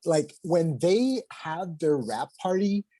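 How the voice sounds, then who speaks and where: Podcast host, young man, husky, dry close sound, gets fired up telling stories. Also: a little high, slow, dry recording. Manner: excitable storyteller, slangy. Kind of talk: casual chat.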